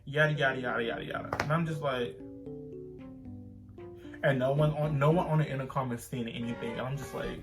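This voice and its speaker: A man casually telling a personal story to the camera, animated and rambling with frequent restarts. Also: medium pitch, brisk, pauses often, music in the background. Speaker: vlogger.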